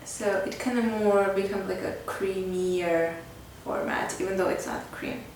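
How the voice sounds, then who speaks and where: A woman's voice: mid-range voice, steady tone, unhurried, a little mellow. A woman vlogger chatting casually through a makeup tutorial, filling her talk with "like" and "kinda". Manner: chatty, filler-heavy with frequent "like" and "kinda". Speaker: beauty vlogger. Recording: very echoey room, mic at a distance, faint background noise.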